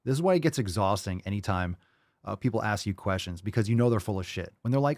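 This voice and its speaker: A man's voice: on the low side, quick pace, darkish tone, no echo, studio quality. A middle-aged man hosting a fitness show, reading viewer comments in a blunt, profane, mocking way. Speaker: fitness podcast host. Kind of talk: livestream chat reading comments.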